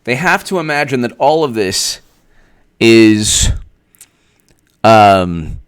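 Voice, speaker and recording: A man delivers a political commentary monologue, his pitch swinging widely as he goes. He talks in a sarcastic, rambling way. The recording is dry and close. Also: big pitch swings, slow pace, clean tone, no echo. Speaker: political commentator, channel host.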